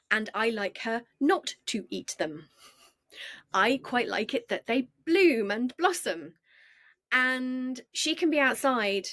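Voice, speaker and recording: Animated woman guest, middle-aged, higher pitch, dry close mic. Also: no echo. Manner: chatty, animated, acts out voices, laughs easily. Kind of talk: conversational storytelling.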